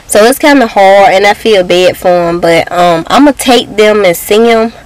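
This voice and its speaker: A woman's voice: mid-range voice, moderate pace, poor audio. A young woman talking to her viewers in a casual vlog, emotional and close to tears, often calling them y'all. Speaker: vlogger.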